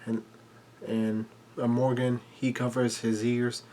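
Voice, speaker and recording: A man casually recapping a manga chapter in halting, run-on sentences full of "and" and "uh" fillers. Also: mid-range voice, flat delivery, dark tone, slight background noise.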